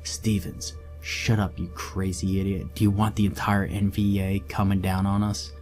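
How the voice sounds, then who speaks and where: A man voicing an angry, agitated male soldier who yells and hisses. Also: low voice, moderate pace, faint music behind. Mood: hushed anger. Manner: yelling in a hushed tone.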